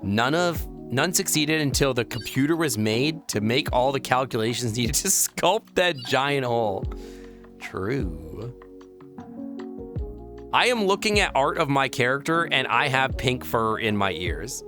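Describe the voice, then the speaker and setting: Playful young man streaming, lively pitch. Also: a little slow, over music. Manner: playful, giggly, rambling with squeaky high exclamations. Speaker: VRChat streamer. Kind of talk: casual live-stream chat reading viewer messages.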